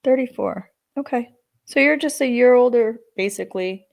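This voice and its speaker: A woman hosting a casual podcast chat, telling lively stories and swearing freely. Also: fairly high pitch, normal speed, gravelly. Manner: animated storyteller, swearing freely. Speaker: podcast host.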